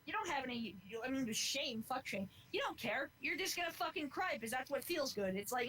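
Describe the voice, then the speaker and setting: A young woman in her twenties talking on a podcast, with a voice that sits a touch high. She rambles in an earnest, heartfelt way and swears freely as she goes, with a faint noise in the background. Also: expressive, a little fast, few pauses, bright, forceful tone, low-quality recording. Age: 20s. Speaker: podcast co-host. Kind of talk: casual chat.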